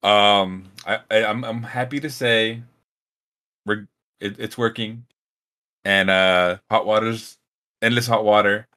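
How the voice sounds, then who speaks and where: A man telling a story in casual chat, animated and profane. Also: fairly low pitch, takes it slowly, long pauses. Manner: animated, profane, acts out quoted voices.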